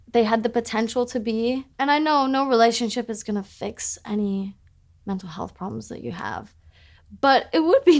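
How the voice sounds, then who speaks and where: A young adult woman with a somewhat high voice speaks openly in an interview. She pads her sentences with "like" and swears without a second thought. Her humor is wry and self-mocking. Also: vocal fry. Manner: frank, fills speech with "like", swears casually. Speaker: musician discussing her album. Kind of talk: candid interview talk.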